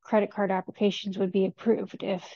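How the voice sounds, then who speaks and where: A woman's voice: medium pitch, level tone, fairly quick, warm tone, highs cut off. A woman calling in to ask a question, speaking hesitantly and thoughtfully with fillers. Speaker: caller asking a question. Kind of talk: casual question and discussion.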